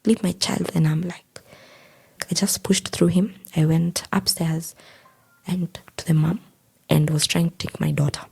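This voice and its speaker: A young Kenyan woman with a low, husky, gravelly voice tells a personal story on a podcast. Her tone stays dark and mellow. She acts out each person's quoted lines as she goes. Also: fairly even intonation, measured pace, pauses often. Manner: recounts events by acting out quoted dialogue. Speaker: podcast guest.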